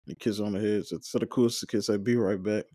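A man's voice: on the low side, steady tone, fast talker, warm tone, no room sound, studio quality. Casual man recapping a show. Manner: paraphrases scenes, quotes characters with brief joking asides. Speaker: watch-along podcast host. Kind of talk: casual recap, reading dialogue aloud.

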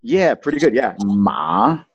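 A low-voiced man with a husky edge talks casually, playfully teaching as a show host. The recording is dry and somewhat dull. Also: animated, moderate pace, a little mellow, dry recording. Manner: playful, teaching, sings out tones. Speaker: podcast host. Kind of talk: casual chat, explaining language.

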